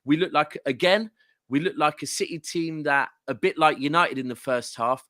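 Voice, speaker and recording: A man's voice: fairly high pitch, moderate pace, bright, forceful tone, no room sound, studio quality. A man with a southern English accent, a guest football fan ranting animatedly and swearing in casual podcast chat. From southern England.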